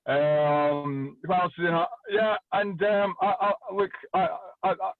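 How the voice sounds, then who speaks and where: A Scottish man doing loud, energetic stand-up comedy over a video call, swearing freely. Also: high voice, slow pace, no echo. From Scotland. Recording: dry tinny phone-like call audio.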